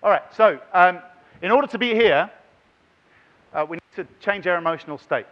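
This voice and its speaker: A middle-aged man giving a lively, chatty conference talk and directing the audience. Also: sits high, normal speed, muffled recording. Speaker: conference plenary speaker. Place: large conference hall.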